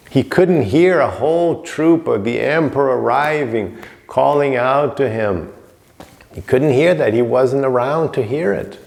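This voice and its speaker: A man's medium-pitched, gravelly, slightly mellow voice carries an informal recorded lecture on yoga scripture. He talks loosely and conversationally, dramatizes stories along the way, and often says "you know."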